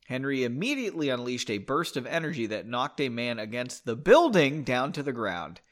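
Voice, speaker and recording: Podcast guy reading a story out loud, goofy asides, voice bouncing all over. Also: mid-range voice, normal speed. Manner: animated, self-mocking, chatty asides. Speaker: podcast host.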